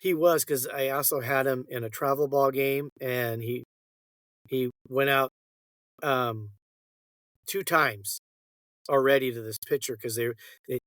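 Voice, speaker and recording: A man's voice: mid-range voice, fairly even intonation, measured pace, pauses often, a bit bright, no echo. A man co-hosting a casual sports podcast, telling long rambling stories and acting out the lines of the people in them. His voice sits in a middle register. It is recorded close and dry, with no room sound. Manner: rambling storyteller, acts out quoted dialogue. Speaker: podcast co-host. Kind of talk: casual chat.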